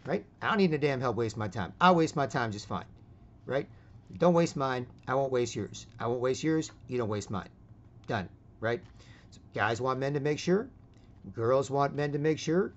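A man's voice: medium pitch, moderate pace. A man hosting an online voice chat who rants loosely and keeps tagging his lines with "right?". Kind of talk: rambling casual rant. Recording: dull lo-fi audio.

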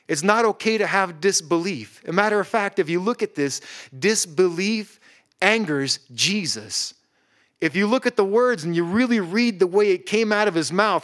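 A man's voice: high voice, expressive, moderate pace, a bit bright. A man pastor preaching a sermon to a congregation in a church room, calling out for amens. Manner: preaching with rising intensity, calls of amen.

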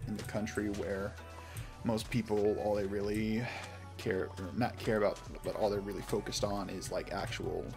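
Streaming live as he plays a game, this Oklahoma man talks in a loose, rambling, casual way. He has a lowish voice with some vocal fry, and he's from Oklahoma in the United States.

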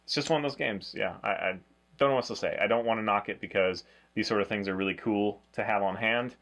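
A man hosting a casual board game review, talking in a flat, low-key way. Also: fairly quick. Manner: low-key, flat delivery, self-described monotone.

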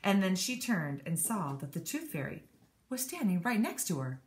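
A woman teacher reading a children's storybook aloud, animated and expressive. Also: fairly low pitch, normal speed. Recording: echoey room.

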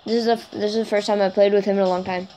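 A woman giving chatty let's play commentary for her gaming channel, getting excited and keeping on apologizing for freaking out. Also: very fast, a little hiss or hum. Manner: excitable and chatty, jumps to high squeals over goals; self-conscious, keeps apologizing for freaking out.

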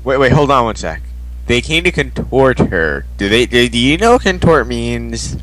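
A man's voice: mid-range voice, sing-song, normal speed, a bit bright. A man casually reading fan fiction aloud and stopping to question what it means. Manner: puzzled, questioning interjections. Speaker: co-reader. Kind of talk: casual comedic reading and banter.

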